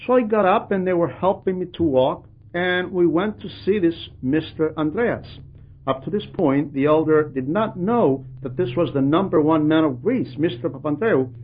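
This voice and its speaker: A man's voice: fairly high pitch, unhurried, slightly rough. A man earnestly retelling a monk's story to a gathering and voicing the people in it. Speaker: religious storyteller addressing a gathering. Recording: dull lo-fi recording.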